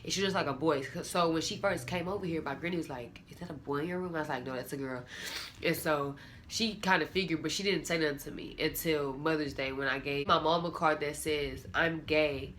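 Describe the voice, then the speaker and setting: A woman's voice: sits low, fairly quick, a bit bright, slight background noise. A young woman candidly telling a personal story, rambling and quoting what people said. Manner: candid, rambling, lots of "like" and quoted dialogue.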